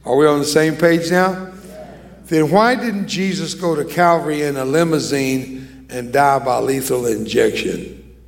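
An older man preaching a sermon as an evangelist. His voice sits a little high for a man. He preaches emphatically and draws the congregation into call-and-response. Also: a little slow, gravelly.

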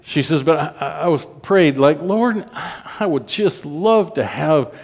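A man, telling a testimony story in a sermon in a folksy way, rushing through some runs and slowing for emphasis. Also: fairly high pitch, animated, darkish tone.

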